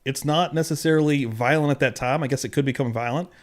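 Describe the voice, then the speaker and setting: A man's voice: mid-range voice, quick pace. A man hosting a live-streamed podcast, chatting loosely and eagerly thanking viewers in the chat. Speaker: podcast host.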